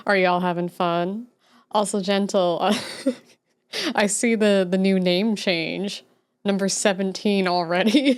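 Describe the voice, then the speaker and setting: A young woman with a mid-range voice hosts a relaxed livestream, drawing while she chats with viewers. She speaks slowly with frequent pauses, and she's chatty and giggly, reading the chat aloud and laughing often as she replies.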